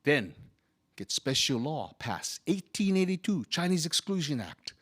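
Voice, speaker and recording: A humble, good-humored Chinese immigrant laborer, as a male storyteller plays him, speaking in broken English. His voice sits a bit high for a man and swings widely in pitch as he tells his story in the first person. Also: sing-song, unhurried. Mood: wistful. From Hawaii.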